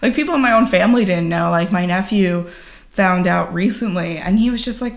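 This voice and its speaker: Earnest woman, halting and candid. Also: on the low side, creaky. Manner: earnest, halting, full of "like" fillers. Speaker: podcast guest. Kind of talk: candid personal account in conversation.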